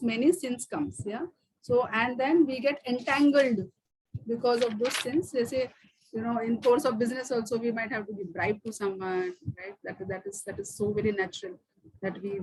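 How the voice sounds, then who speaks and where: A woman's voice: a little high, a little mellow, breathy edge, rough recording. A woman with an Indian accent teaching a scripture course, mixing in stories, with frequent fillers. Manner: code-switches between English and Hindi, storytelling, many fillers. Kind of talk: online course lecture.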